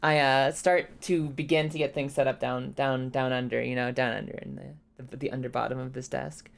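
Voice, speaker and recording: A young woman streamer chatting casually and congested, rambling, swearing freely and breaking into high laughs. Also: little pitch movement, normal speed, gravelly. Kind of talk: casual live-stream chat.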